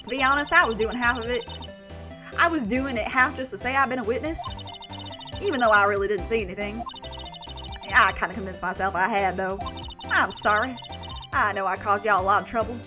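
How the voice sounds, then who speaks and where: A woman's voice: fairly high pitch, a little fast, pauses often, lightly acted. A woman voicing a scheming Southern woman photographer in a video game, with a put-on Southern drawl and folksy, dealmaking talk. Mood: sheepish. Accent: put-on American Southern. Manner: folksy drawl, wheeling and dealing. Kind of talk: reading a video game aloud. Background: game music.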